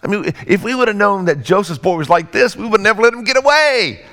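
Animated high-voiced male preacher. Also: quick pace. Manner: dramatic, swinging from loud bursts to hushed low lines. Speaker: pastor. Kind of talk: sermon.

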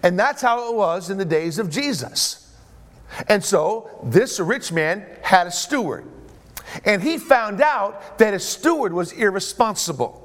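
A man preaching a sermon in an animated way, often checking in with his listeners. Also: high voice, measured pace. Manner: animated, asks the audience questions.

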